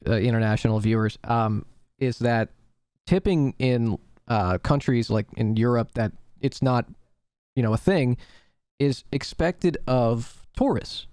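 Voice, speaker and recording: A man's voice: medium pitch, measured pace, darkish tone, clear, resonant tone, dry recording, clean studio sound. A man hosting a casual podcast chat, easygoing, with lots of ums and likes. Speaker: podcast host and streamer.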